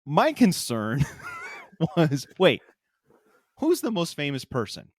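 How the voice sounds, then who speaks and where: A man's voice: a little high, huge pitch swings, slow pace, darkish tone, no room sound, clean studio sound. A man hosting a casual podcast who rambles through his stories and keeps breaking into laughter mid-sentence. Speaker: podcast host. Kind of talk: casual chat.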